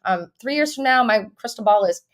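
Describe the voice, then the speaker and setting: Rapid, chatty woman host. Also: fairly high pitch, expressive. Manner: fast, chatty and upbeat, with quick restarts. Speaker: real estate agent and show host. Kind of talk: casual live-stream chat.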